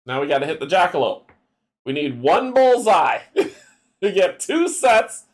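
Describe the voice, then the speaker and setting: A man's voice: sits high, very animated, a little slow. A man casually playing a solo card game adventure, thinking aloud and laughing often. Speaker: game player.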